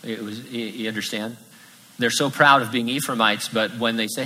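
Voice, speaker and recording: A man preaching a sermon, lively and acting out the voices in his quotes. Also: medium pitch, normal speed, slightly rough, poor audio. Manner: animated, acts out quoted voices. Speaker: pastor.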